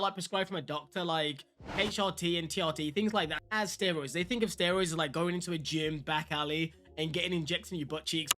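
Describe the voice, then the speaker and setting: Fast-talking chatty male fitness vlogger. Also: high voice, fairly bright tone. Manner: chatty, opinionated, addresses viewers directly. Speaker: fitness vlogger reacting to a clip. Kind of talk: casual reaction commentary.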